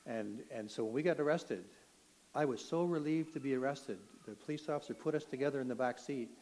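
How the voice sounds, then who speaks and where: An older man from Canada shares his personal testimony in a mid-pitched voice. He talks earnestly and with feeling. At the dramatic moments his voice climbs until he is nearly shouting. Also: brisk, poor audio. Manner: earnest, emotional storytelling, rising to near shouts at dramatic moments. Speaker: testimony speaker.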